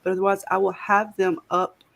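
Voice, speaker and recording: A woman's voice: mid-range voice, flat delivery, brisk, creaky. A woman with a Southern US accent co-hosting a casual livestream, chatty and greeting viewers by name. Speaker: livestream co-host.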